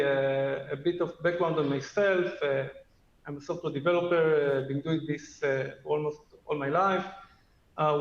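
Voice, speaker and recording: A man presenting in a webinar, speaking haltingly with constant "uh" fillers. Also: a little high. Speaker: guest presenter, company technical head. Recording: echoey, dull remote mic.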